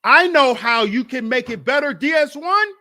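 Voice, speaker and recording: A man's voice: extremely high pitch, animated, moderate pace, pushed and bright, pitched above the performer's own voice, exaggerated voice. A man putting on a coaxing devil tempter. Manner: coaxing, falsely friendly. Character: smooth-talking male devil tempter.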